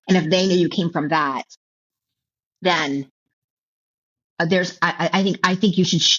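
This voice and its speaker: A middle-aged woman telling her personal story as an interview guest, halting and emotional, with many restarts and repeated words. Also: deep voice. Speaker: author and keynote speaker, guest. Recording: dull lo-fi audio.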